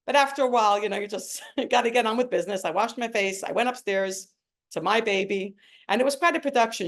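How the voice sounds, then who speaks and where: A middle-aged woman, telling her personal story in an earnest, emotional way. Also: mid-range voice. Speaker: speaker sharing a personal story. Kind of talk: personal testimony talk. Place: home.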